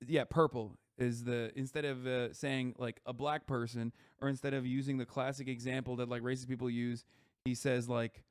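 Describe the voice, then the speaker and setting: A man reacting to a video on a live stream in casual commentary, rambling and profane with quick asides. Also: mid-range voice, no echo, studio quality.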